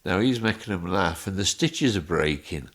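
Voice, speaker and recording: A man's voice: deep voice, moderate pace. A male guest on a podcast who tells funny stories, chuckling often as he talks. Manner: chuckling, animated storyteller. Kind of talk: anecdotal storytelling in a podcast interview.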